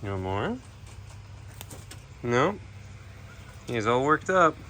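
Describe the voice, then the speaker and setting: A man's voice: medium pitch, very animated, extremely slow. A man, chatting casually to his animals outdoors and talking to them affectionately. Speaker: animal keeper vlogger. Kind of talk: casual chat to camera. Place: outdoors among animal pens and aviaries. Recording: outdoor noise with animal sounds.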